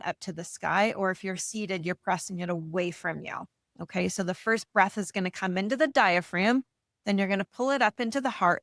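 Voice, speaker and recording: A woman facilitating breathwork, giving slow, soothing guidance over a video call. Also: medium pitch, dry recording, clean studio sound. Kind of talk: guided breathwork instruction.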